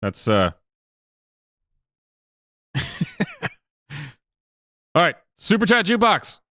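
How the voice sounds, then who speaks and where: Lively, mocking male streamer. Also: sits high, very slow, no room sound, studio quality. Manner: rambling, mocking, with frequent laughs and filler. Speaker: streamer host. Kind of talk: casual live-stream commentary.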